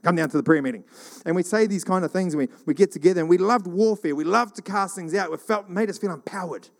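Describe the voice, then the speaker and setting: A middle-aged man from New Zealand telling rambling church stories in a casual, animated monologue. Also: high voice, quick pace. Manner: rambling, animated, acts out quoted voices.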